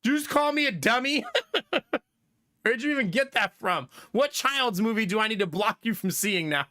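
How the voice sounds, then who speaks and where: A man with a high, bright voice chats with his stream audience about family life. His pitch swings widely as he tells lively, laughing stories, and he reads out viewer comments in a loose, casual way. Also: normal speed. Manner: animated storytelling with frequent laughter. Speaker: livestreamer.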